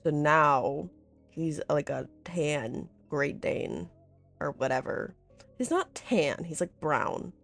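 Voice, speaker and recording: Woman vlogger, deep for her sex, unhurried, casual and chatty, faint music behind. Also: lively intonation, creaky, fairly bright tone. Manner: chatty and rambling, full of "like", with laughs and swearing. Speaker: vlogger recapping a horror series. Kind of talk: casual chat.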